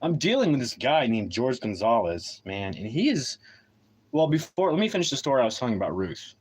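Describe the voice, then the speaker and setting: A man's voice: medium pitch, sing-song, fairly quick, slightly rough, low-quality recording. A man talking to camera on a livestream, ranting bluntly and swearing a lot, then settling into a more casual monologue about his work as a writer. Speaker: independent writer and streamer. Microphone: camera mic.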